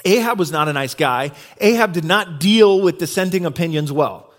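A male pastor giving a sermon, retelling a story in a conversational, animated way. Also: on the high side, moderate pace.

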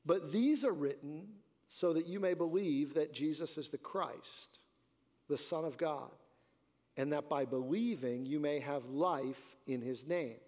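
A man's voice: fairly high pitch, unhurried, darkish tone. Earnest male pastor preaching in a hall. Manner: earnest preaching, rising and dropping emphasis. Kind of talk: sermon. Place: church sanctuary. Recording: church hall reverb.

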